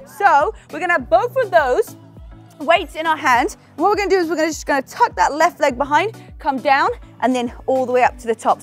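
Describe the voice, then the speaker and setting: A woman with an English accent leading a group workout, upbeat and laughing often as she counts down reps and chats with her trainers. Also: high-pitched. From England. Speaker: fitness instructor. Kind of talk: leading a workout, chatty cues.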